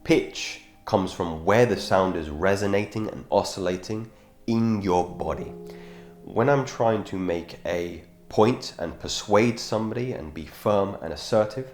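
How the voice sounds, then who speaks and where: Deep-voiced man coaching in an echoey room. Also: darkish tone. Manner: measured, thoughtful, self-correcting with fillers. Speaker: self-improvement channel host. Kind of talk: instructional monologue on speaking. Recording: echoey room with background guitar music.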